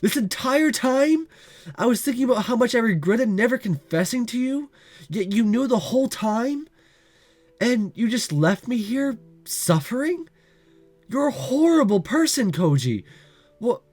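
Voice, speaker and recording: A man's voice: sits high, sing-song, normal speed, a little mellow. A man with a cold voicing an emotional teenage girl who confronts her childhood friend in a visual novel reading. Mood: hurt, accusing. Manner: pleading, rising to accusation. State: has a cold.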